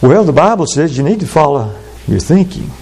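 A man preaching a sermon, speaking slowly and deliberately, then breaking into quick asides. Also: on the high side, sing-song, vocal fry, darkish tone, husky. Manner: measured, drawn-out delivery with sudden fast asides.

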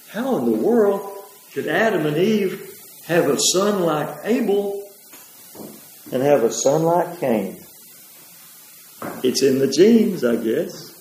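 Male preacher, high and animated, emphatic repetition, booming hall echo. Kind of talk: sermon. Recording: very echoey hall.

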